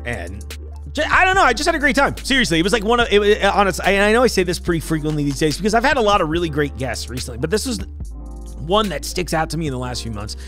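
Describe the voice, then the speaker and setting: Man, podcast host, talks fast, chatty and apologetic, soft music underneath. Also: high-pitched, sing-song. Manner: chatty, apologetic, quick rambling asides. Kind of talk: casual solo intro.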